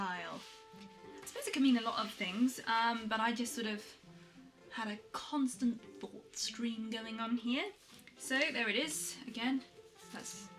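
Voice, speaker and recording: A woman vlogging a poetry challenge, chatting in a self-deprecating way and reading her poems aloud slowly and softly. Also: fairly high pitch. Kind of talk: casual chat and poetry reading.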